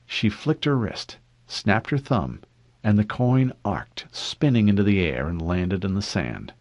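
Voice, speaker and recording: A man reading a novel aloud as a narrator, expressive and steady. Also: measured pace, dry recording, studio quality. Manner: expressive reading with lively pitch. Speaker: audiobook reader. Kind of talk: fan audiobook narration.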